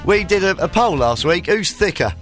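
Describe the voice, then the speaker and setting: A man's voice: high-pitched, lively intonation, moderate pace, a bit bright, soft background music. A man hosting a casual radio show, bantering and laughing with his co-host in a jokey way. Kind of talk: casual chat.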